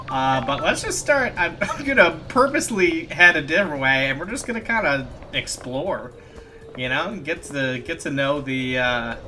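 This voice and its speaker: A man casually commenting on a game he is playing, rambling and laughing as he explores. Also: mid-range voice. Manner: chatty, giggly, rambling. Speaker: let's play host.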